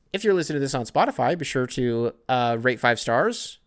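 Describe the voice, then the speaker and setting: Bright-voiced rambling young podcast host man. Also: medium pitch, expressive, fairly quick. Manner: rambling, profane, self-deprecating. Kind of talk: solo casual podcast rant.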